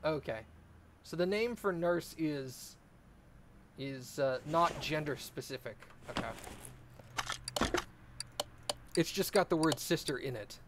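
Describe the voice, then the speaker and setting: A man with a fairly high voice rambles and jokes with his viewers while playing a car repair game. His casual chat comes with a faint hiss of noise in the background. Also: expressive, slow pace, long pauses. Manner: rambling, joking, chatty with viewers. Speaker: let's play streamer.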